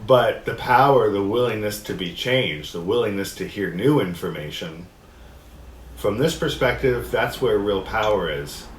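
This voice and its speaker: A man teaching a discussion workshop, reading passages aloud and explaining them in a relaxed way, often laughing. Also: on the low side, measured pace. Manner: relaxed, laughs often, acts out quoted voices. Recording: echoey room with faint noise.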